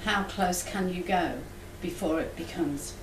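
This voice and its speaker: A woman with a lowish voice joins a workshop discussion, thinking aloud and asking questions as she goes. She sounds roomy and echoey, with steady background noise. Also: measured pace. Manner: musing, poses questions aloud. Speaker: workshop participant. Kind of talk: discussion contribution.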